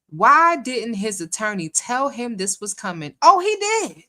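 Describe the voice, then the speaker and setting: A woman's voice: mid-range voice, pushed and bright. A woman hosting a livestream, giving sassy, colloquial commentary on a phone call and laughing often as she mocks it. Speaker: livestream host.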